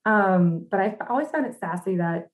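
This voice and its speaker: A woman's voice: medium pitch, lively intonation, normal speed. A woman co-hosting a podcast in casual chat, chatty and sassy, laughing often and saying "like" a lot. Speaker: podcast co-host.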